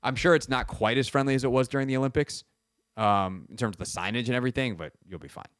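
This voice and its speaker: A man's voice: medium pitch, fast, a bit bright, clear, resonant tone, no echo. Rambling man hosting sports radio, dry studio. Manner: rambling, self-mocking storytelling. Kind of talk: casual radio chat. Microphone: studio microphone.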